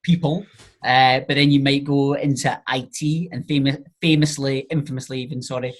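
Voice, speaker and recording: A man with a slightly husky voice talks in a relaxed podcast chat. He explains his points with everyday examples and keeps things loose and conversational. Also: mid-range voice, normal speed. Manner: chatty, explaining with examples and filler phrases. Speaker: podcast guest, charisma coach.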